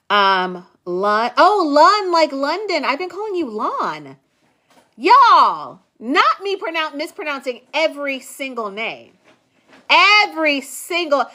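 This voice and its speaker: Animated bright-voiced woman teasing her class. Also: sits high. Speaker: class host. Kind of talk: casual live-class chat with viewers.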